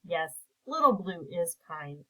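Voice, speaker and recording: A woman teacher reading a picture book aloud and asking simple comprehension questions in a slow, clear, patient way. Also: fairly low pitch, big pitch swings, sharp tone, low-quality recording.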